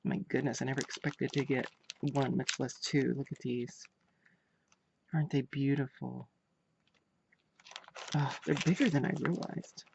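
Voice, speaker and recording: A woman's voice: a bass voice, fairly even intonation, a little slow, creaky, pauses often, a little mellow, a little hiss or hum. A woman vlogger chatting casually while unboxing crafts, gushing and repeating her praise. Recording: dull lo-fi home recording.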